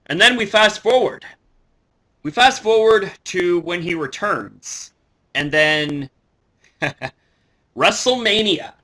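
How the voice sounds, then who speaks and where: A young man talking excitedly to camera as a wrestling fan, swearing freely and shouting in his most excited moments. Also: on the high side. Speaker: wrestling vlogger.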